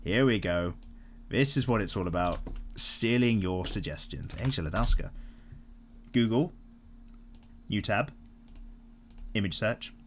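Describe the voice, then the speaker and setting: A man hosting a casual art vlog, chatting and answering viewer comments in an animated way, swearing freely as he goes. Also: lowish voice, unhurried, long pauses, a little hiss or hum. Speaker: art channel host.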